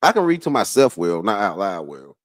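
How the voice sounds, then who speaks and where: A man hosting a casual livestream chat, excitable and profane, jumping between loud outbursts and low muttering, and stumbling when he reads aloud. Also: fairly quick, dry recording, low-quality recording. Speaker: livestream host.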